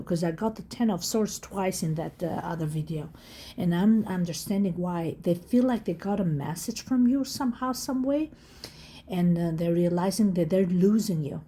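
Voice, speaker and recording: A woman reads tarot cards for her viewers in a casual, excited way. She stresses and repeats each point. Her voice is husky and mellow, with a soft, breathy edge. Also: on the low side. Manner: excited, emphatic and repetitive, addressing viewers directly. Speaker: tarot reader. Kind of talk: casual tarot reading to camera.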